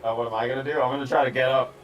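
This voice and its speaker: A man playing a tabletop game, answering the game master in a slow, hesitant way. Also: mid-range voice, flat delivery, recorded from a distance, faint music behind, poor audio. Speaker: player.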